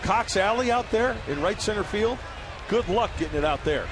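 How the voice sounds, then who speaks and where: Raspy man doing baseball color commentary. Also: high voice, lively intonation, normal speed. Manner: chatty, opinionated analysis. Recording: broadcast booth with stadium crowd. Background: stadium crowd noise.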